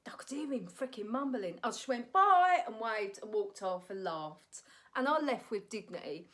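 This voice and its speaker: Speaking to her phone camera, a woman who does stand-up and acting shares a frank story about her life in a lively, blunt manner. She keeps adding "right?" to her lines, using a mid-range voice at a moderate pace.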